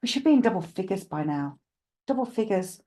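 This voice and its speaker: A woman's voice: medium pitch, very animated, fairly quick, warm tone. A woman with a slight cough, hosting a live psychic stream from home, chatting casually and greeting viewers by name with rambling asides.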